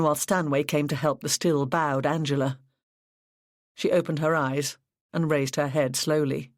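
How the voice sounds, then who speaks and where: An audiobook narrator reading a mystery novel in an even, measured way. The voice sits at a middle pitch and the recording is dry and close, with no room around it. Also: no echo. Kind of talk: scripted narration.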